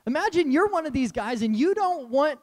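Male pastor, sermon delivery, high voice with big swings, animated and casual. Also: a little fast. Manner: animated, conversational, laughs often.

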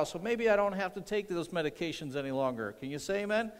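A man's voice: sits high, lively intonation, fast talker, hardly any pauses, smooth, in a large hall. A middle-aged man preaching a sermon as pastor, earnest, repeating phrases and calling for amens.

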